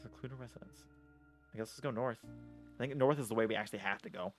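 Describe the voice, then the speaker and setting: A male streamer playing a game live, reading the text aloud and muttering and swearing as he thinks out loud. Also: fairly low pitch, fast talker, faint music behind.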